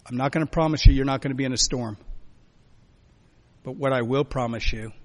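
A man preaching a sermon as a pastor, emphatic, swinging between loud urging and quiet, soft lines. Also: medium pitch, brisk. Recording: long hall reverb.

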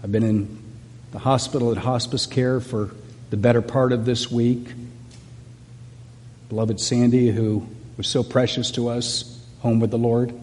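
A middle-aged pastor preaches in a church sanctuary, earnest and conversational, circling back over his words as he goes. His voice is mellow and rather dark in tone, and it rings out with a long reverb through the hall. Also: mid-range voice, little pitch movement, measured pace, long pauses. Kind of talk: sermon.

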